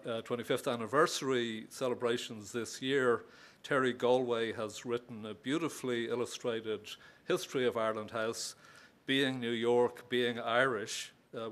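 Director guy opening the evening, lots of uhs, formal and a bit halting. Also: mid-range voice, fairly bright tone. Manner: hesitant, many "uh" fillers. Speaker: director of the host institute. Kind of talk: formal event introduction. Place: lecture hall.

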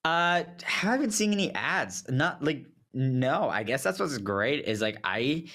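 A man's voice: a little high, animated, a little slow, fairly bright tone. A man who is a guest on a casual podcast, easygoing and hesitant as he talks. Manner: easygoing, hesitant, many fillers and restarts.

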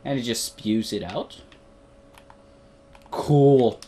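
A man's voice: medium pitch, sing-song, unhurried. Young man in a put-on Australian accent. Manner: rambling, playful, talks to the game characters. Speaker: gaming video host. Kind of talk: gameplay commentary.

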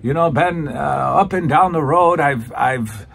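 A man's voice: on the high side, a little slow, gravelly, a bit bright, a little hiss or hum, voice pushed up. A man imitating a chummy, boastful veteran wrestler in a slightly raised voice.

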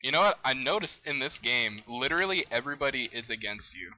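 Excitable young man gaming. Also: mid-range voice, quick pace, low-quality recording. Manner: excitable, exclaims and laughs at the game. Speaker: gamer. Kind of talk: let's play commentary.

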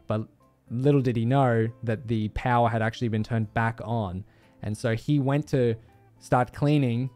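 A young man, telling a story on his stream with lots of swearing and loud outbursts. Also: medium pitch, no room sound. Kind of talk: casual storytelling.

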